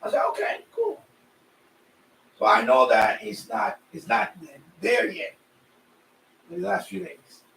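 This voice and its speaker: Chatty high-voiced man in an echoey room. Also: very animated, a little slow, gravelly, bright, forceful tone, a little hiss or hum. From Puerto Rican family, raised in New York. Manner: rambling, chatty, repeats himself. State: sweaty from the heat. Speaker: radio hobby live streamer. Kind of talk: casual live-stream chat. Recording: echoey room, voice a bit far off.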